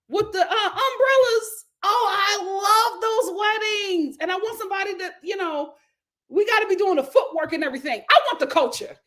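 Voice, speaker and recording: A woman hosts a casual live stream and reads viewer comments aloud. Her voice sits high and swings widely in pitch. She laughs often and breaks into loud exclamations. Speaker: live-stream host reading chat.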